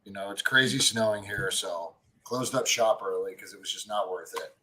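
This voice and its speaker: A man co-hosting a casual sports podcast, telling stories in an animated way, swearing freely and saying "like" and "right?" a lot. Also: fairly low pitch, moderate pace, a little hiss or hum. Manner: excitable, fan-to-fan talk addressing listeners as family. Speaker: podcast co-host.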